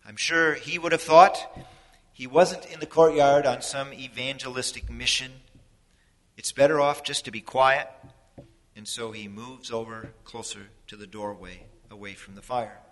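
A man preaching a sermon in an earnest, explanatory way, his loudness rising and falling for emphasis. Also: medium pitch, fairly even intonation, a little slow. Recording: long hall reverb.

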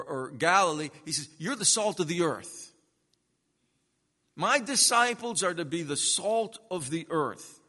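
A man with a high, bright voice preaches in an earnest and deliberate way, giving his words space and repeating them for emphasis. His sermon has a long, ringing reverb from a church hall. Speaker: pastor. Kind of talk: expository sermon.

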